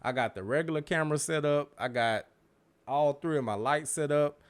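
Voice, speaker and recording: A man's voice: fairly high pitch, moderate pace, smooth. Male podcast host, easygoing and conversational, home-recorded solo talk. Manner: relaxed, conversational, Southern US slang. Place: home studio room. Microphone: studio microphone.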